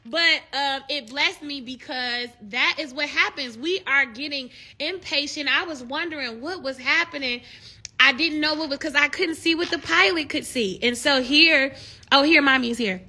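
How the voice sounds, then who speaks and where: A young woman hosting a casual live stream, talking with fans and turning to animated, preachy encouragement. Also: high voice, normal speed. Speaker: livestream host.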